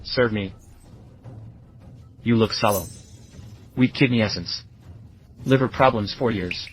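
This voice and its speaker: A man dubbing a calm, righteous young male healer in an English dub of a drama, speaking in a stern, confident manner. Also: on the low side, slow pace, slightly rough. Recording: dubbed dialogue over music.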